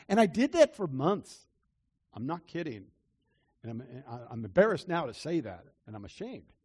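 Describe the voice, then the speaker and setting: An older man with a husky, slightly high voice preaches from personal experience. His pitch rises and falls widely as he repeats phrases with earnest conviction, dropping to near-hushed confession and then climbing back to emphatic declaration. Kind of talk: testimony-style sermon.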